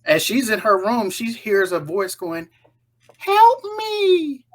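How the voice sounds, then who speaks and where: Woman, casual film recap, animated, acts out lines, bright voice. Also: mid-range voice, measured pace.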